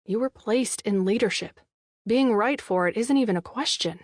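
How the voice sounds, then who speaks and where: A caring young man, read by a woman narrator, gently pressing and probing with soft concern. His audiobook lines sit close and dry, with no room around them. He stays attentive and won't let a question drop. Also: medium pitch, moderate pace, no room sound, lightly acted. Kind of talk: audiobook character dialogue. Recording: dry studio voice-over.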